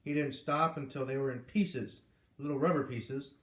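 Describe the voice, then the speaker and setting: A man reading a chapter of a novel aloud in an even, measured storytelling manner. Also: mid-range voice. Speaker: reader. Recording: roomy echo.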